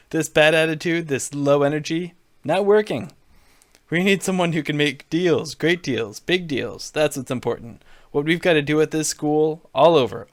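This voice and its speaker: A man's voice: fairly high pitch, dry recording, clean studio sound, natural voice. A man putting on a boastful, blustering politician voice with punchy, repetitive bragging. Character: boastful blustering male politician impression, self-aggrandizing.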